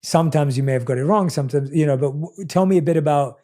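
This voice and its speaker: A man hosting an interview, asking gentle, probing questions. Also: fairly high pitch, quick pace. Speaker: host. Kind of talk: podcast interview.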